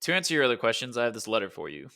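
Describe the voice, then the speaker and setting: A male narrator plays a stern young soldier who stays formal and polite in a storybook reading. Every line is clipped and correct, with a bright, forceful tone. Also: medium pitch, big pitch swings, racing, vocal fry, heavily acted.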